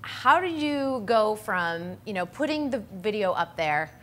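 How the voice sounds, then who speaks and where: A woman hosting a web interview show, upbeat and chatty, asking questions and giving quick affirmations. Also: medium pitch, expressive, a little hiss or hum. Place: bakery shop.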